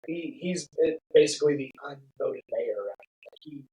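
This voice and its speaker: A man's voice: mid-range voice, moderate pace, rough recording. A middle-aged man casually telling a story on a podcast, laughing and acting out what people said. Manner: animated, laughing, acts out quotes. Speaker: podcast guest.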